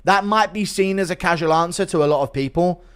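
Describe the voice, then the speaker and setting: This livestream host has a high, clear, resonant voice and talks fairly quickly. He reads donations from chat and rants in an animated way, swearing heavily throughout.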